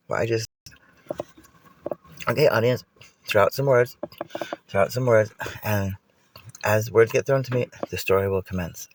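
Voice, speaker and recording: A man's voice: on the low side, normal speed, pauses often. A man livestreaming from inside a car, chatting and making up a silly, rambling story for his viewers. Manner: goofy, rambling, playful storyteller. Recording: noisy phone stream in a car.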